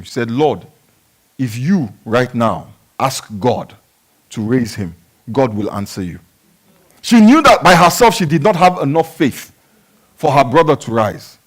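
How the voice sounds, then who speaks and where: A male pastor preaching a sermon, swinging between shouted exclamations and quiet teaching, and calling on the congregation to respond. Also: medium pitch.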